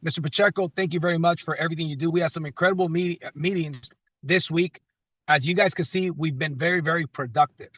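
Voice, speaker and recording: Man, high husky voice, motivational team-call speaker, emphatic, repeats himself, dry and muffled sound. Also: fairly even intonation, fast talker, a bit bright, no room sound. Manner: emphatic, repeats phrases for effect, stumbles and restarts. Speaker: company leader on a team call. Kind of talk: motivational pep talk on a live call.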